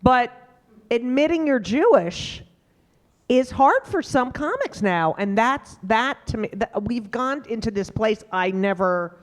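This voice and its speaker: A middle-aged woman comedian, telling stories emphatically in a panel conversation. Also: unhurried. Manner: animated, emphatic storyteller with sudden pitch jumps. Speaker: stand-up comedian.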